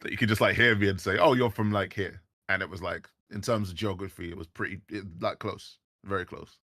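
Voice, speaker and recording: Man, London accent, low pitch, bright tone, dry close sound, casual rambling livestream chat. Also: fairly even intonation, fast talker, no room sound. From England. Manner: rambling, full of fillers and restarts.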